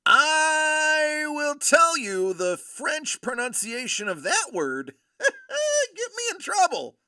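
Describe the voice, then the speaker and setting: A man doing casual live-stream commentary while opening collectible cards, joking and reacting loudly. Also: very high-pitched, wildly swooping pitch, slow pace, no echo, clean studio sound.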